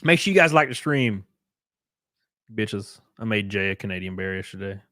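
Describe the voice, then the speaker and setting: Crude joking streamer reading super chats. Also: male voice, on the low side, animated, moderate pace, no room sound, clean studio sound. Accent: Southern American. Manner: swings from loud outbursts to muttered asides. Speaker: livestream host. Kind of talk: casual live stream chat.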